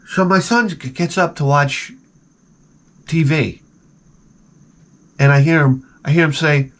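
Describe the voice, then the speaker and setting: Male vlog host with a slightly high voice, rambling and exasperated, swears freely and restarts his sentences. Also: slow, long pauses, a bit bright. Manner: profane, digressive and exasperated; often repeats and restarts words. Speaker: video host. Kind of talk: rambling comedic rant.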